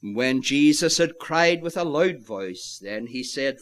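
Slow, dramatic male preacher. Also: on the high side, lively intonation. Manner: dramatic swings from loud declaration to hushed near-whisper; addresses listeners as "my friends". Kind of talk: sermon.

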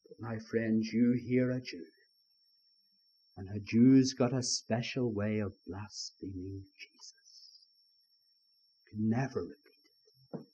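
Male preacher, fervent sermon, slow deliberate delivery, rhetorical appeals. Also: on the low side, steady tone, dark tone, highs cut off. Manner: fervent old-style preaching, repeated rhetorical appeals to listeners.

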